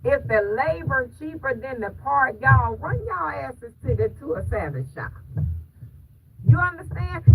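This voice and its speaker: A woman vlogger talking casually to her viewers about faith. She speaks in an emphatic, preachy way and repeats phrases for stress. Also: high-pitched. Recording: distant mic with loud background noise.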